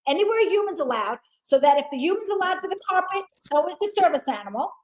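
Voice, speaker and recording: A woman guest in casual chat, loud and swearing, telling a story with acted quotes. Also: very high-pitched, very animated, fast talker, slight background noise, poor audio.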